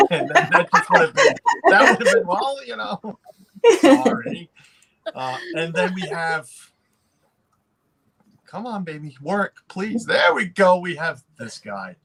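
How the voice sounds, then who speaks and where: A man's voice: high voice, huge pitch swings, vocal fry, a crowd in the background. A man hosting a casual livestream, rambling with frequent restarts and laughs while greeting chat. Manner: rambling, self-interrupting, quick to laugh. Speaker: livestream host.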